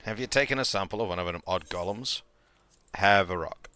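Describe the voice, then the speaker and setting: A man's voice: sits low, fairly quick, bright, forceful tone, clean tone, dry recording. A man reading out a greedy older male merchant in a folksy, old-timey drawl, close to the mic. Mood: sly.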